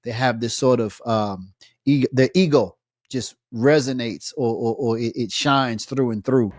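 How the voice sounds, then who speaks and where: Measured, critical man in a dry room. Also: medium pitch, a little mellow, no echo. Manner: measured, critical, with fillers and restarts. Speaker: imam reacting to a debate clip. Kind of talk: reaction commentary.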